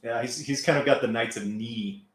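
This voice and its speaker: A man co-hosting a casual livestream, making quick laid-back banter and joking asides. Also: medium pitch. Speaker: livestream co-host. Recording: roomy echo.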